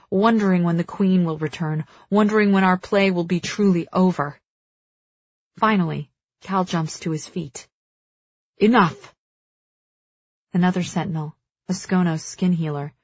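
A woman narrating dramatic first-person fiction as an audiobook reader, measured and slowing for tense moments. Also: on the low side, no echo, lo-fi sound.

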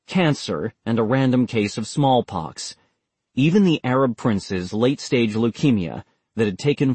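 A man reading scripted audiobook narration in a steady, measured way. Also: medium pitch, breathy edge, dry recording.

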